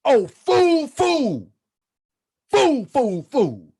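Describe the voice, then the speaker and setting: Fiery high-voiced man preaching. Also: huge pitch swings, drawn-out words, creaky. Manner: fiery, shouting and repeating phrases; colloquial, drops into muttered asides. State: a little under the weather. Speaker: channel host. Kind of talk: impassioned preaching monologue.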